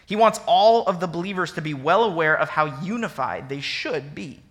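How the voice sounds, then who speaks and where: Brief: young male minister, bright forward voice, chatty animated sermon delivery with sarcastic asides. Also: fairly high pitch, moderate pace. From American Midwest. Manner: animated and conversational, acts out scripture with sarcastic emphasis. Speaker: associate minister.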